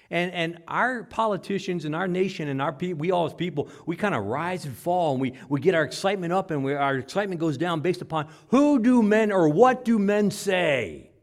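Male preacher, sermon delivery; emphatic, loud peaks falling to low, quiet stretches. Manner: emphatic, rises loud then drops low.

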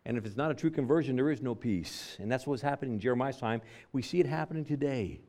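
A man's voice: mid-range voice, fast talker, a little mellow. A man preaching a sermon, driving points home by repeating phrases. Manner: emphatic preaching with stacked repetitions.

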